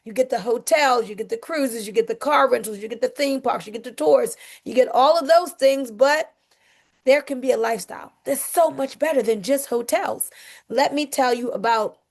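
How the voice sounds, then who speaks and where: Woman presenter, high gravelly voice, energetic sales pitch. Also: normal speed. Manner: energetic, talks to the audience.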